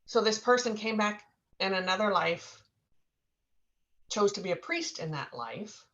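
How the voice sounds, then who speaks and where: A woman psychic medium in casual spiritual talk, earnest and rambling with halting restarts. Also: mid-range voice, expressive, fairly bright tone, highs cut off.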